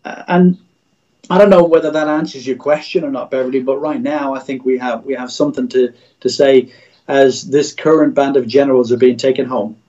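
A man's voice: medium pitch, steady tone, brisk, dark tone, highs cut off. A middle-aged man, a Christian radio executive, speaking as a guest in a livestream interview over a video call, in an earnest, preacher-like way with repeated phrases.

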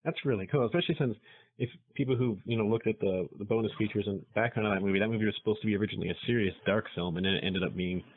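A man's voice: on the low side, very fast. A man interviewing a guest, asking eager, rambling questions. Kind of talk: casual interview. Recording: phone-like narrow sound.

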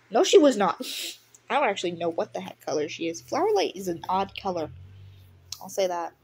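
A woman's voice: mid-range voice, brisk, a little hiss or hum. Giggly young woman reading with commentary. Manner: giggly and excitable, reacting loudly to the story. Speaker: audiobook reader. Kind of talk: casual story reading with commentary.

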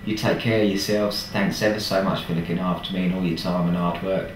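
Talking fairly quickly in a deep, steady voice, a man sends thanks to hospital staff in a chatty video message laced with fond, jokey banter. He's in a ward with an echoey room, a distant mic, and noise in the background.

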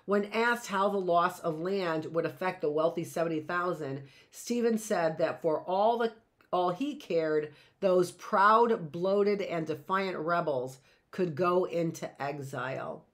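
A woman's voice: lowish voice, slow. A middle-aged woman teaching a live history lesson, reading from notes and breaking off into chatty asides and rhetorical questions.

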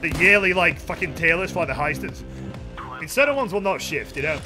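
A young man giving goofy, excitable commentary while streaming a game, with sudden yells. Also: on the high side, brisk. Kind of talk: casual gaming commentary. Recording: game music playing behind.

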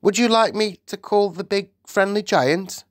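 A man voicing a polite, earnest little girl in a storybook reading, with a much higher voice than his own. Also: moderate pace, no room sound, clean studio sound, lightly acted. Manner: stammering at first, then calm and eager.

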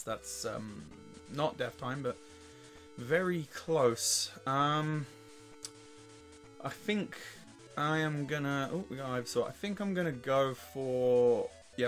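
An English man with a weak, worn voice gives casual gameplay commentary, laughing and swearing as he trash-talks the game. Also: medium pitch. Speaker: let's play host.

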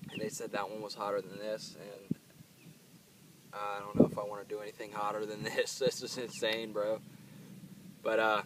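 A man's voice: fairly low pitch, a bit bright, a little hiss or hum. A man hosting his own channel, talking casually and earnestly to camera outdoors while in pain from pepper heat. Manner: earnest, rambling, with fillers. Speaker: channel host reviewing hot peppers. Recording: distant mic with faint outdoor ambience.

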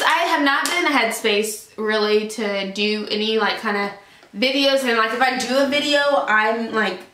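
A woman's voice: a little high, fairly bright tone. A young woman vlogging casually to camera, rambling with lots of fillers and slang. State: out of breath. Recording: echoey room, far from mic.

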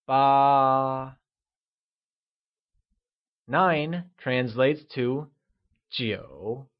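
A man narrating a scripted language lesson, modelling words slowly for the listener to repeat. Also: mid-range voice, lo-fi sound. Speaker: language teacher.

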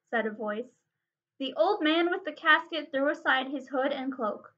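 Woman librarian, storybook read-aloud, high and bright voice, slightly muffled recording. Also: normal speed. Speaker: children's librarian.

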